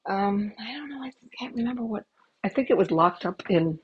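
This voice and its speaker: A woman's voice: medium pitch, lively intonation, a little fast, slightly rough, highs cut off. A middle-aged woman telling stories casually into a headset microphone as a podcast host, chatty and swearing, with laughing asides. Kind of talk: casual storytelling.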